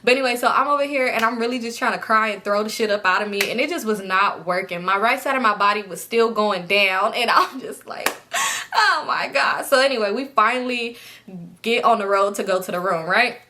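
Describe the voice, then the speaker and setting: A young woman vlogger casually telling a story straight to her viewers, animated and chatty. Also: medium pitch, brisk.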